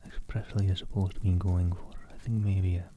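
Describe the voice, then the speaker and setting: A man reading a novel aloud as an ASMR streamer, in soft whispered narration close to the mic. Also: deep voice, little pitch movement, normal speed, narrow, tinny audio, slight background noise.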